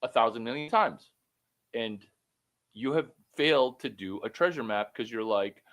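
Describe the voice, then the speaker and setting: A man coaching someone one-on-one over a call, blunt and profane, rambling with sudden loud bursts. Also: medium pitch, animated, moderate pace. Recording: phone call.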